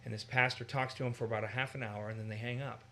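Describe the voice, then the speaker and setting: An American man with a bright, forceful voice teaches in an easygoing discussion. He is animated and lively, and now and then he slips into exaggerated voices to make a point. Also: medium pitch, fast. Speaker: Bible teacher.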